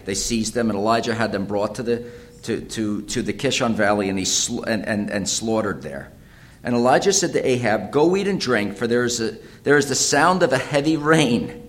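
A man preaching a sermon, reading scripture aloud and explaining it, rising to loud dramatic cries and often repeating phrases. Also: mid-range voice, lively intonation, moderate pace.

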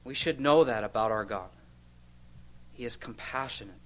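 A man preaching an expository sermon, reading scripture aloud and then commenting with gentle asides. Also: mid-range voice, moderate pace, low-quality recording.

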